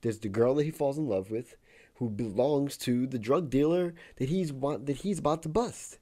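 A man's voice: mid-range voice, moderate pace, warm tone. A man co-hosting a podcast, profane and teasing, in casual chat. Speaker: podcast co-host.

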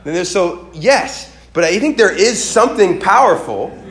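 Male pastor, slightly high voice, animated sermon storyteller, echoey church room. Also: normal speed. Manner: animated storytelling, voices quoted characters, rises to emphatic peaks.

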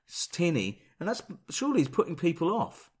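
A man co-hosting a podcast, grumbling with dry deadpan humour. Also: fairly high pitch, brisk, husky. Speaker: podcast co-host. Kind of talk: casual comedic chat.

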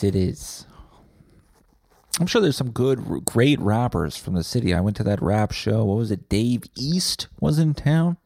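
Mellow-voiced man ranting sarcastically. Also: mid-range voice, dry recording, studio quality. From Winnipeg, Canada. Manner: sarcastic, rambling, profane. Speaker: podcast host. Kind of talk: comedic monologue.

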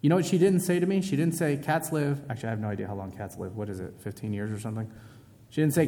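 A man's voice: medium pitch, animated, fast talker, mellow. Casual preacher man in a reverberant hall. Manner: casual and conversational, asks the audience questions. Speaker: pastor. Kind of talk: sermon.

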